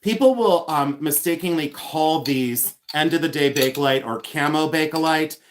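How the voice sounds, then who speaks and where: A man from Ohio, a reseller and collector, chatting casually and rambling on a live stream, with many fillers and words spelled out slowly. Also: on the high side, a little hiss or hum.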